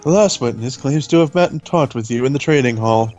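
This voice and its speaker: A man voicing a stern, formal male prosecutor, questioning in a measured way. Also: medium pitch, a little mellow, highs cut off, faint music behind, close to an everyday voice. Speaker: let's play voice actor.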